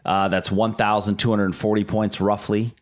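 A man's voice: on the low side, level tone, normal speed. A middle-aged man co-hosting a casual talk show, explaining stock market trends with frequent restarts. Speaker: market analyst co-host.

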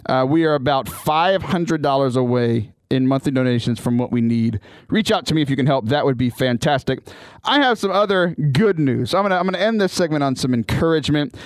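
A man's voice: mid-range voice, expressive, brisk, no echo. A man hosting a faith podcast from a studio, talking in an earnest, upbeat way and often restarting his sentences. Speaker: podcast host and youth missionary. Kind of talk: casual podcast talk.

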